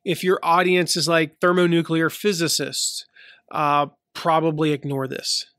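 A man's voice: a little high, flat delivery, a little slow, a bit bright, no room sound, studio quality. A man in his thirties from the American South, with a light Southern accent, hosting a casual solo podcast, chatty and full of fillers and restarts. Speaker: podcast host.

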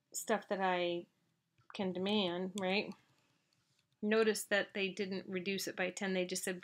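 A woman's voice: mid-range voice, a bit bright. A woman instructor walking through an accounting problem in a conversational lecture, often checking in with "all right?".

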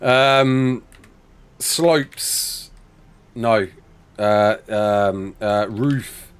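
A man's voice: lowish voice, very slow, clean tone. A young man live-streaming a building game, chatting casually, reading out chat messages and talking himself through each step.

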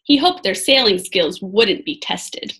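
Woman, teacher reading a story aloud, gentle, animated intonation, unhurried. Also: mid-range voice, poor audio. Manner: gentle, asks listeners questions. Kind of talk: storybook read-aloud for children.

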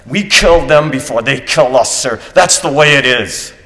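A man's voice: medium pitch, normal speed, bright, forceful tone, pitched above the performer's own voice. A man voicing a hardened, defiant young soldier, raising his voice. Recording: echoey hall.

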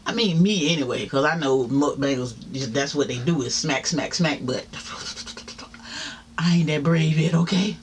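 A woman's voice: low-pitched, moderate pace, a little hiss or hum. A woman vlogging a mukbang from home, chatting casually to her viewers as she eats. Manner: chatty, talks straight to viewers, religious exclamations. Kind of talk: casual chat while eating. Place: home, seated in a chair.

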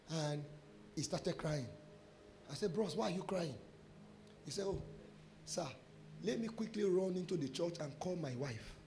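A Nigerian pastor with a noticeably high voice preaches through a string of testimony stories. He acts out each exchange in lively quoted dialogue and drops into pidgin phrases as he goes. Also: slight background noise. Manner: animated storyteller acting out dialogue. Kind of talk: sermon testimony.

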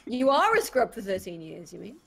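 A woman's voice: mid-range voice, big pitch swings, brisk, creaky, a crowd in the background. A woman ribbing her friends crudely over voice chat during a poker game. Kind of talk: casual gaming chat with friends.

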